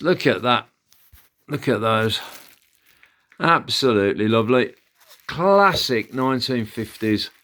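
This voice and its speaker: A man's voice: fairly low pitch, a bit bright. A man who hosts a vlog and chats with enthusiasm as he shows off his antiques haul, with frequent fillers. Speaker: antiques seller and channel host. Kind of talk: casual haul vlog, showing items.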